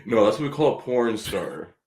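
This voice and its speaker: A man's voice: lowish voice, very animated, moderate pace, a little mellow. A man co-hosting a casual podcast, giving dry, laid-back replies. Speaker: podcast co-host. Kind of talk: casual chat.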